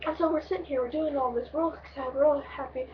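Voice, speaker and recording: A young woman vlogger telling a long road-trip story in a rambling, excitable way, swearing freely. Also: high voice, fast, recorded from a distance, lo-fi sound, a little hiss or hum. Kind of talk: casual storytelling vlog.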